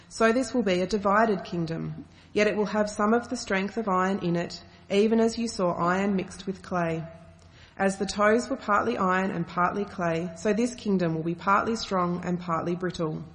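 A woman reading a scripture passage aloud at a steady, measured pace. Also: on the low side. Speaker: scripture reader.

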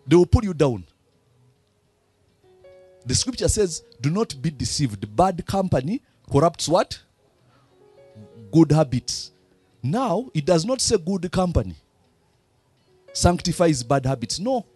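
A man's voice: fairly high pitch, big pitch swings, slow pace, pauses often, darkish tone, slightly rough, dry recording, faint music behind. A man with a Ugandan accent preaching a sermon, throwing fill-in questions to the congregation. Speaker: pastor.

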